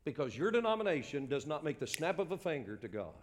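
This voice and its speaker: A man in his sixties preaching a sermon as pastor, earnest, dropping to a hush and then rising to a ringing call. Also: a little high, sing-song, a little fast, hardly any pauses, in a large hall.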